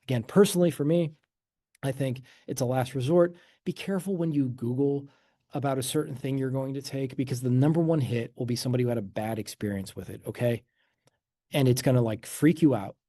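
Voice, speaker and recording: Mellow-voiced man giving a casual talk. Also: mid-range voice, brisk, no echo, clean studio sound. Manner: loose and conversational, frequent restarts and asides, chuckles. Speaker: host and teacher of a letting-go method. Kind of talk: informal talk to an online audience.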